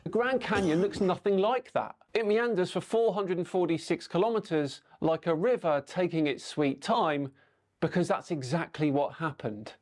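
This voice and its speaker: A man with a notably high voice reads scripted narration. He explains things calmly and evenly. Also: moderate pace.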